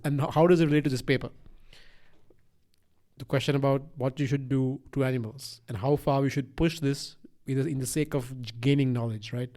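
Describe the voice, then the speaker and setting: A man's voice: mid-range voice, fairly quick. A young man with a mixed accent chatting as a podcast co-host, rambling and swearing, with lots of restarts. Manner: rambling, profane, animated, many restarts. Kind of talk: casual chat.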